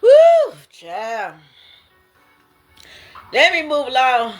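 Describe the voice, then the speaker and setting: A woman's voice: mid-range voice, lively intonation, slow pace, sharp tone, faint music behind. A woman sharing her prophetic dreams in a casual spoken monologue, emphatic and slangy, often laughing and exclaiming.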